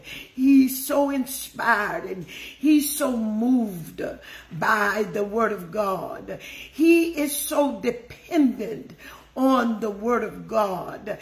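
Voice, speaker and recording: Older woman preacher, high voice, slow and emotive delivery. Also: fairly bright tone. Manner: emotive, repeats phrases, greets viewers by name. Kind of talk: devotional sermon.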